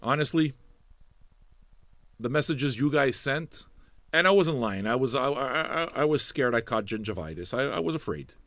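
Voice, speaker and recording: A man's voice: normal speed, no room sound. A man hosting a live music stream, chatting casually and swearing freely as he rambles, jokes and riffs on the viewers' messages. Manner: profane, rambling, joking with the chat; animated, suddenly loud, then low and mumbling. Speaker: streaming radio DJ host.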